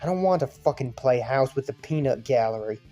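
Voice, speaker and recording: A man voicing an earnest young peacemaker who talks gently and reasonably, over faint music. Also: high-pitched, animated, moderate pace, vocal fry, voice pushed up. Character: earnest young peacemaker, soft-spoken and caring. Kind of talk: fan visual novel voice acting.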